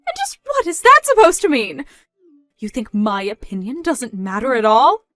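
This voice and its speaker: A woman's voice: medium pitch, lively intonation, moderate pace, no room sound, faint music behind, natural voice. A woman voicing a controlling, scornful middle-aged mother, nagging and incredulous in a scripted story dub.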